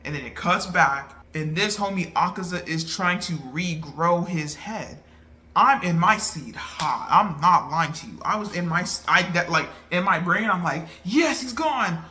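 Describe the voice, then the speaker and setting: An excitable man chats through an anime movie review in loose, slangy talk. His bright voice sits slightly high for a man, and he speaks with lively energy. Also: a little slow. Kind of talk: casual chat.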